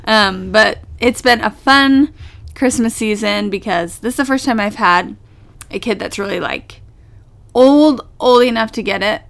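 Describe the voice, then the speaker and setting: Gravelly-voiced gushing mom co-host. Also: female voice, medium pitch, a little slow. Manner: warm, gushing, laughs often. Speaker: podcast co-host and mother. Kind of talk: casual chat.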